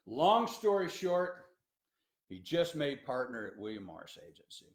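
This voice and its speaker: A man's voice: mid-range voice, very animated, normal speed. A man who works as a tour coordinator gives an educational talk to students, in a folksy, emphatic storytelling style full of restarts. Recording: roomy echo.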